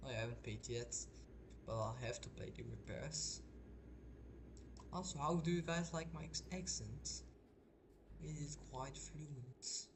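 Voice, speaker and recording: A man and English speaker, chatting casually over gameplay in a rambling, hesitant way full of restarts. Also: medium pitch. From Belgium. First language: not English. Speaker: gaming streamer. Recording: noisy home mic.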